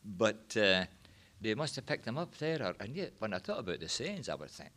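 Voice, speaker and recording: A man's voice: on the low side, sing-song, brisk, fairly bright tone. An older man with a Scottish accent, recalling old sayings in a rambling, casual way, full of asides. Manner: rambling, chuckling, peppered with you know. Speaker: reminiscence group member. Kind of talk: casual storytelling.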